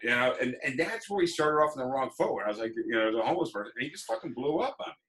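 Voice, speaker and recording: Bright-voiced man telling stories casually. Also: mid-range voice, fast talker. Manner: animated storyteller, acts out quotes. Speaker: podcast host. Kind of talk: casual livestream chat.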